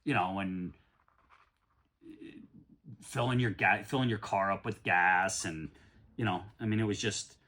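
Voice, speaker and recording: A middle-aged man from the United States, rambling casually through a card-break vlog and often breaking into excited shouts. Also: sits low, a little slow, long pauses. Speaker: card collector opening packs.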